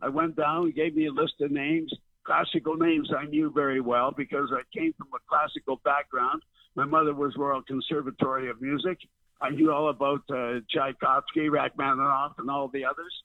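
A man's voice: mid-range voice, fairly even intonation, normal speed, dry recording. An older man, a veteran broadcaster reminiscing in a rambling storytelling way, full of fillers and restarts, heard over the phone. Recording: tinny dry phone line.

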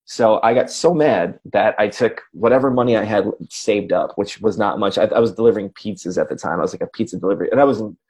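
Wisconsin guy in his 40s, kinda low and husky, rambling and poking fun at himself on a chill podcast. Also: fast talker, few pauses, a little mellow. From Racine, Wisconsin, USA. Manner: rambling, self-deprecating, full of asides like "you know" and "right?". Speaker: podcast co-host, radio personality. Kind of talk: casual storytelling chat.

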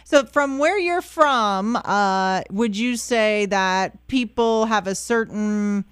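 A woman co-hosting a morning radio show, chatting quickly and laughing often. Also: mid-range voice, smooth, no echo, studio quality. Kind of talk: casual radio banter.

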